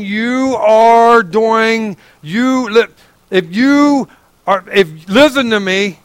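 A man's voice: sits high, slow, clear, resonant tone, no room sound. A middle-aged man preaching a sermon, fervent and folksy, pleading with his listeners. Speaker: pastor.

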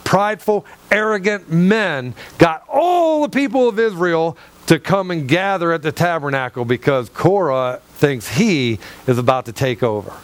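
A man preaching through a Bible passage, excitable and acting out the dialogue. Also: a little high, normal speed, hardly any pauses. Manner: excitable, acts out scripture dialogue, laughs often. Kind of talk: animated Bible teaching.

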